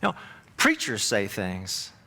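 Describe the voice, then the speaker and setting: A man's voice: wildly swooping pitch, a little slow, gravelly. Man preaching a dramatic storytelling sermon. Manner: dramatic storytelling, swings between raised emphatic lines and hushed low ones. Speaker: pastor. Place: church.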